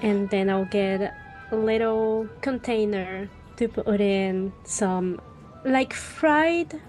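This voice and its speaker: Slow, thoughtful woman player. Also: medium pitch, darkish tone, faint music behind. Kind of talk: describing her character's actions in a tabletop game.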